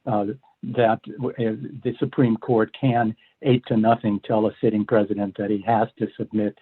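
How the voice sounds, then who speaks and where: An older man, a law professor, explaining cases in an interview in a measured way, often pausing to restart. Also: fairly low pitch, level tone, slightly rough. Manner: measured, many fillers and restarts. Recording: phone-like line.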